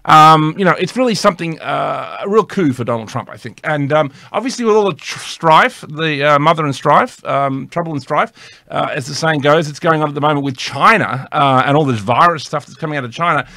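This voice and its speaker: A man hosting his own commentary show, talking in a loose, rambling way with lots of fillers and tongue-in-cheek asides. His voice is fairly high and bright, with a forceful edge. The sound is dry and close, with no room around it. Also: a little fast, gravelly, no room sound. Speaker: host. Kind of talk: casual political commentary.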